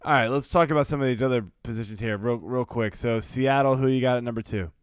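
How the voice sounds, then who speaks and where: Smooth-voiced host steering sports chat. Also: male voice, medium pitch, no room sound, studio quality. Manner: steering the talk, quick questions. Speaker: podcast co-host. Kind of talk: casual fantasy football chat.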